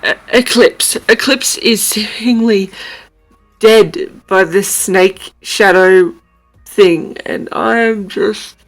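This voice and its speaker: A woman's voice: medium pitch, steady tone, drawn-out words, faint music behind, rough recording. A young woman chatting casually in a reading vlog, gushing and emotional as she rambles about a book. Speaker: book vlogger. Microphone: camera mic, wears glasses.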